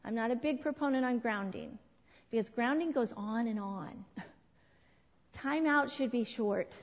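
A middle-aged woman leading a church parenting class. She talks in an animated way, asks the group questions and acts out what people said. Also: on the high side, a little slow. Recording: dull lo-fi sound with long hall reverb.

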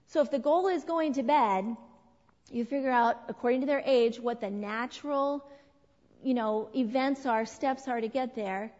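Lively woman teaching a church parenting class. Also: a little high. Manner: animated, asks the audience questions and acts out quotes. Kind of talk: church parenting talk to a group. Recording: dull lo-fi sound with long hall reverb.

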